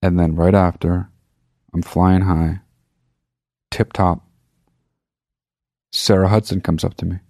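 A man with a fairly low voice tells a comedic story, swearing freely and stopping to correct himself as he goes. His tone is sarcastic and self-mocking. The sound is dry and close. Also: little pitch movement, slow, pauses often, warm tone, no room sound. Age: adult. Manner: profane, sarcastic, rambling with self-interruptions.

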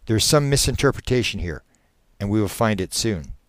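A man voicing a calm hypnotherapist who reassures a subject and turns forceful when pressing for answers. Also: lowish voice, moderate pace, no echo, clean studio sound. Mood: reassuring. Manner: steady, reassuring, at times forceful.

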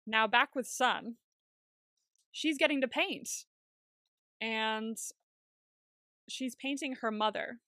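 A woman co-hosting a casual TV recap podcast, chatty and quick to swear and laugh. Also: mid-range voice, bright, forceful tone, no echo, clean studio sound. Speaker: podcast co-host.

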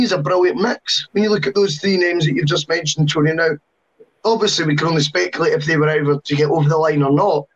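A man on a football podcast, giving long, animated opinions with self-mocking asides. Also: high-pitched. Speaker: podcast panelist. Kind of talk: casual football podcast chat. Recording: dull lo-fi sound.

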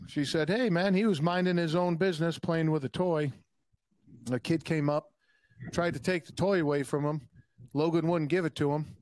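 A young adult man telling profane, animated stories in a casual podcast chat. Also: a little high, moderate pace, no echo. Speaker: podcast guest.

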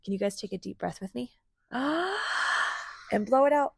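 Woman, storybook read-aloud to children, gravelly voice, dry close sound, asks questions as she reads. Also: medium pitch, darkish tone, dry recording. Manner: pauses to ask the children questions.

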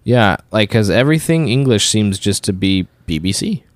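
A man co-hosting a podcast in casual chat, quick and jokey with offhand asides. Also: lowish voice, animated, no room sound. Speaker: podcast co-host.

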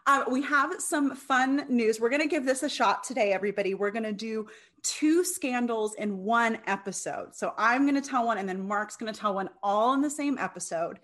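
A woman co-hosting a podcast in casual chat, bubbly and quick to laugh, full of eager questions. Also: on the high side, a bit bright. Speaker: podcast co-host.

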